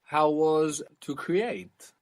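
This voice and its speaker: A man teaching a recorded language lesson, explaining patiently and repeating word forms slowly. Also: fairly high pitch, expressive. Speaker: language teacher on audio course.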